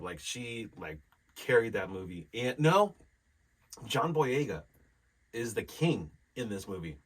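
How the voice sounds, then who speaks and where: A man's voice: mid-range voice, very animated, measured pace, breathy edge, low-quality recording. A man in his forties, co-hosting a casual podcast, retelling a movie in a laid-back way with lots of fillers. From California. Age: 40s. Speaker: podcast co-host. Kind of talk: casual chat.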